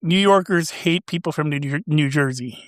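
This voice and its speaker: A man's voice: a little high, moderate pace, no room sound, studio quality. A man in his forties co-hosting a casual chat, rambling, trailing off mid-sentence and laughing often. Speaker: podcast co-host.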